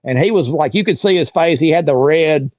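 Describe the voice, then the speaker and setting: A man's voice: a little high, fairly quick, dry recording. A man, telling a story as an interview guest and acting out what people said. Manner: acts out quoted voices while telling a story. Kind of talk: casual storytelling. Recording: dull dry lo-fi sound.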